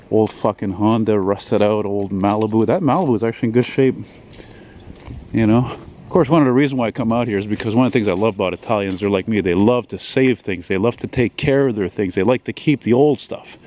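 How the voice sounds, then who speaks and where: A man's voice: lowish voice, darkish tone, slight background noise. Rambling, cursing man on a walk. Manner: rambling, profane, chatty with many fillers. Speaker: vlogger. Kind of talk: casual walking vlog. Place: outdoors on a city street.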